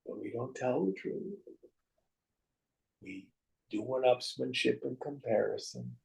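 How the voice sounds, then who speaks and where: A man's voice: mid-range voice, takes it slowly, gravelly, darkish tone, low-quality recording. A man teaching a class on spiritual verses, telling stories in a wry, joking way.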